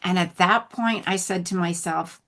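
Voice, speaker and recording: A woman telling her recovery story in a candid, animated conversational way, laughing often and going soft when moved. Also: on the low side, normal speed. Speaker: guest sharing recovery story.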